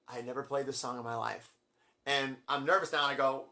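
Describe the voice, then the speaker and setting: A middle-aged man telling a long, rambling story on his video blog, acting out quotes with big jumps in his voice. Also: fast talker. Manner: excitable, acts out quotes with big pitch jumps. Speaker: music vlogger.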